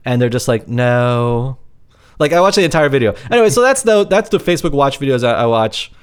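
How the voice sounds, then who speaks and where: A man's voice: a little high, sing-song, quick pace, clear, resonant tone. A man co-hosting a podcast from his apartment, chatting casually and rambling with lots of filler words. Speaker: podcast co-host. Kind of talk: casual chat.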